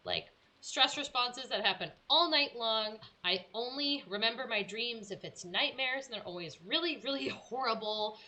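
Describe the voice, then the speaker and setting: Young streamer gal telling a wild story, bright and kinda high, acts out all the quotes. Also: female voice. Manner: animated storyteller, acts out her own quotes. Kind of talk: casual chat, telling a story.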